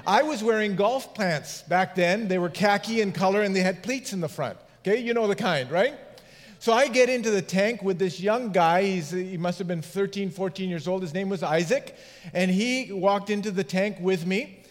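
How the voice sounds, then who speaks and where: A middle-aged pastor preaches a humorous sermon built on funny anecdotes, laughing at his own stories. His voice sits high and moves at normal speed, with long reverb from the church sanctuary.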